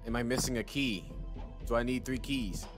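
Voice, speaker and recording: A man giving let's play commentary, excitable and talking to himself as he plays. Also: medium pitch, moderate pace, music in the background. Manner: excitable, talks to himself while playing. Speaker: gaming channel host.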